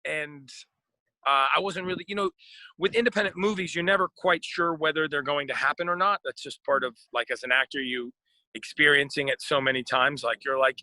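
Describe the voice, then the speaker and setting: An American actor chatting casually in an interview, rambling with lots of fillers and restarts. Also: male voice, a little high, fairly quick, pushed and bright, no room sound, low-quality recording. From United States.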